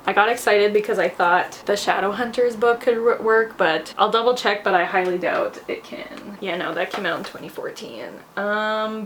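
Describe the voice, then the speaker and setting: Young female book vlogger, animated, self-talking, giggly; faint room hiss behind. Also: medium pitch, moderate pace. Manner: animated, laughs often, talks to herself. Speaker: booktuber. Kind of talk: casual chatty vlog.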